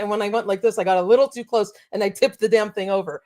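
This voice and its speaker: A woman's voice: medium pitch, steady tone, fast, few pauses, a little mellow. A woman co-hosting a casual chat, talking with enthusiasm and many fillers. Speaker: co-host of toy show.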